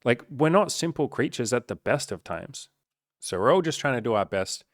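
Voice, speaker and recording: A man's voice: medium pitch, animated, normal speed, no room sound, clean studio sound. Frank, swearing man. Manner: frank and profane, loose with filler words. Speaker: dating coach. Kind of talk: casual straight-to-camera talk.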